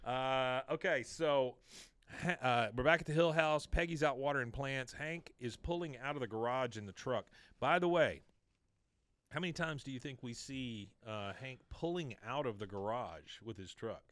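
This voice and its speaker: A man's voice: medium pitch, moderate pace, dry recording. A man hosting a podcast, casually recapping a cartoon episode and acting out the characters' lines. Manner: animated retelling, quoting lines in varied voices. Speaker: podcast host.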